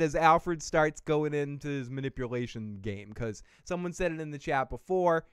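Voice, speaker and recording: Smooth-voiced man in a joking TV recap. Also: on the high side, very animated, normal speed, no echo, clean studio sound. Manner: rambling, profane, jokey. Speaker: TV recap host. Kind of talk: casual live-stream recap.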